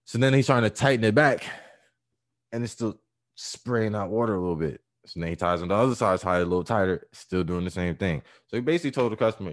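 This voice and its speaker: Low-voiced man telling a profane story. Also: fast. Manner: profane, animated, acts out voices and laughs. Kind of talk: casual storytelling chat.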